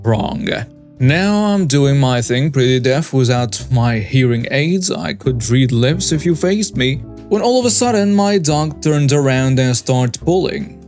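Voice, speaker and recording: A man narrating first-person stories as the host of a story channel, reading in a steady scripted way. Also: medium pitch, a little slow, soft background music.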